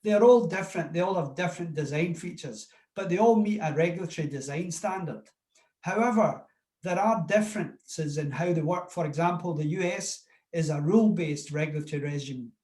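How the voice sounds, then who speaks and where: A man's voice: fairly high pitch, brisk, a little mellow, reverberant. A man with a Scottish accent speaking plainly and confidently as a panelist in a discussion.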